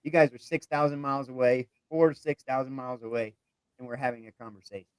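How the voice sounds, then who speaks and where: A man's voice: medium pitch, steady tone, fast, a little mellow, smooth, no echo. Man, 40s, easygoing guest, dry close audio. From United States. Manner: easygoing, repeats words, acts out quotes. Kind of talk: casual video call chat. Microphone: video call.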